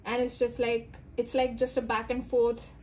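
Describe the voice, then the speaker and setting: Lady doing a chatty tarot reading, kinda high voice, lots of likes and you know, acts out quotes. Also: completely flat delivery, normal speed, darkish tone, slight background noise. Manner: rambling, filler-heavy, acts out quoted lines. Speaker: tarot reader. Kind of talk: casual spoken tarot reading.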